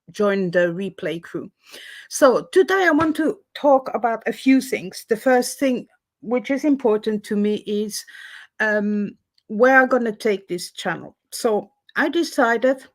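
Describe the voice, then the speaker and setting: A woman from Switzerland hosts a casual livestream chat from home on a webcam, greeting viewers by name between many fillers. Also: medium pitch. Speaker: livestream host. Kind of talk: casual live-stream chat.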